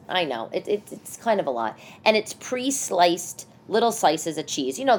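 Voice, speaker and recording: Woman, low voice, New York accent, middle-aged, rambling casual podcast chat. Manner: rambling, chatty, self-interrupting. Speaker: podcast host and comedian.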